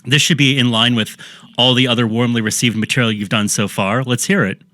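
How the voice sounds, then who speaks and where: Bright, dry-witted male podcast host. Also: medium pitch, steady tone, brisk, dry recording. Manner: dry, wry teasing. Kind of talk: casual chat.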